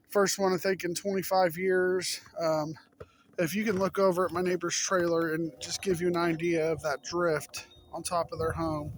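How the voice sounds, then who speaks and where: A man vlogging outdoors in deep snow on a phone camera, cold and out of breath, talking to his viewers as folks in a folksy way. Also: a little hiss or hum. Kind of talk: casual outdoor vlog.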